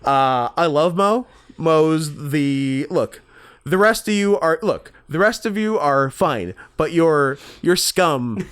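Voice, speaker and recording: A man's voice: a little high, lively intonation, slow pace, a bit bright, smooth. Rambling, laughing podcast host man. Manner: rambling, joking, laughs often. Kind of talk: casual podcast chat.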